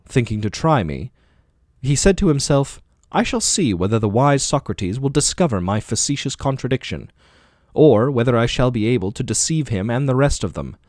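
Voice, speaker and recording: Man voicing an aging philosopher, rhetorical questioning, animated delivery, dry close recording. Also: mid-range voice, dry recording, natural voice. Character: aging male philosopher arguing in court, ironic. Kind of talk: audiobook dialogue reading.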